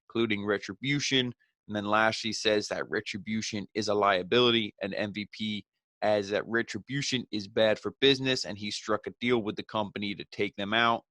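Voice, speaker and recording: A man's voice: on the low side, fairly bright tone, no room sound. A man giving a casual, rambling recap of a wrestling show, full of fillers and blunt opinions. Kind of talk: casual solo review recap.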